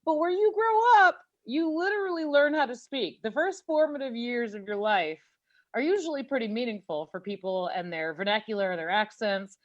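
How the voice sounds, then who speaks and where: A young woman co-hosting a podcast, teasing and blunt, excitable in casual chat. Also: a little high, normal speed, dull audio. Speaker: podcast co-host.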